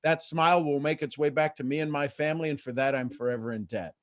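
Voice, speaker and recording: A middle-aged man hosting a live motivational coaching call, lively and acting out quoted voices. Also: on the high side, fast talker. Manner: animated, acts out quoted voices. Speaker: host and coach.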